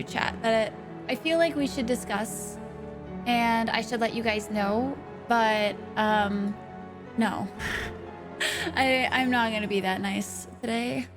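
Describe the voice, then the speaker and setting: A woman streaming live, chatting with her viewers in a playful way, swearing freely and laughing often. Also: on the high side.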